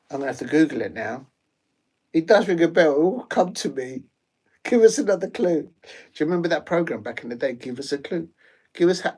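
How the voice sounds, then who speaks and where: A man doing rambling, jokey live commentary on a football match, with slangy asides and sudden excited shouts. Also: on the high side. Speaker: watch-along streamer. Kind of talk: live watch-along commentary.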